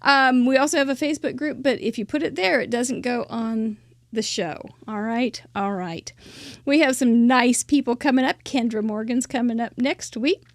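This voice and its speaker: A woman's voice: a little high, moderate pace, no room sound, studio quality. A middle-aged woman hosting a live crafting show, bubbly and chatty, laughing often and tripping over names.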